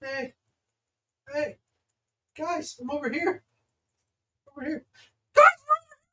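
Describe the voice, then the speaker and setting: A man voicing an overexcited friend at a party, gushing and shrill. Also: very animated, slow, sharp tone, recorded from a distance, full character voice. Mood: giddy. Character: overexcited party friend waving guests over.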